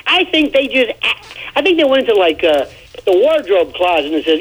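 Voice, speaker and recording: Man, radio commentator, husky voice, lively swooping delivery, emphatic. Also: high voice, moderate pace, rough recording. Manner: emphatic, rambling, animated storytelling. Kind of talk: opinionated radio talk.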